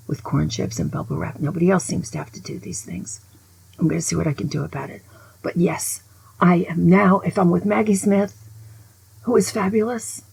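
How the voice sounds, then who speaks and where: A woman over sixty-five giving a casual, opinionated monologue as a vlogger. She is an animated, grumbling storyteller who often drops to a whisper. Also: lowish voice, vocal fry, a little hiss or hum, poor audio.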